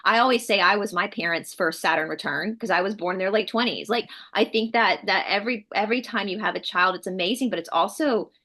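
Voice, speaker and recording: A woman from the States, co-hosting a casual chat and telling stories in an animated way, acting out what people said. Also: mid-range voice, a little fast, hardly any pauses. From Southern United States. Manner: animated storyteller, acts out quotes. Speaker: co-host. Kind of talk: casual conversation.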